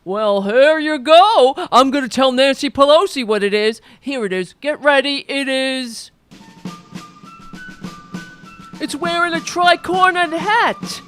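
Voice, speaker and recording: A blustering, flag-waving patriot man with a put-on New York accent, as a woman puts him on, bellowing slogans in a satire rant. He sounds high for a man, and he talks slowly, leaning on each word. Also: fairly bright tone, faint music behind. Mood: mocking. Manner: bombastic, declaiming slogans.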